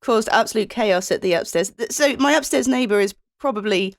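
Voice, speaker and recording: A woman's voice: mid-range voice, brisk. A woman co-hosting a podcast, telling a story in a dry, anecdotal way. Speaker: podcast co-host. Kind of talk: casual podcast chat.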